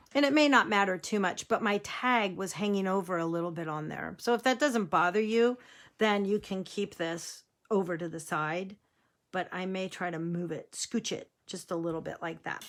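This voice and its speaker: A woman talking through a card-making tutorial, easygoing and chatty. Her voice sits at an ordinary middle pitch. She drifts into rambling family stories and laughs easily along the way. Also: fairly bright tone. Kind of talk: casual crafting tutorial chat.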